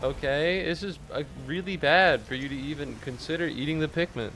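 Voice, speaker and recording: Creaky-voiced man streaming a game. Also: on the high side, a little fast, slight background noise. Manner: deadpan mock-serious, swearing. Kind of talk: casual gameplay chat with viewers.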